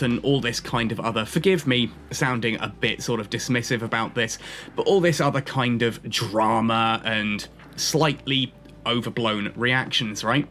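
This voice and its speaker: A man's voice: mid-range voice, measured pace, a bit bright. A man chatting casually with his viewers as he plays a game and narrates, rambling from one thought to the next. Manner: chatty, rambling stream of consciousness. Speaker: gaming YouTuber. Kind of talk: casual commentary while playing.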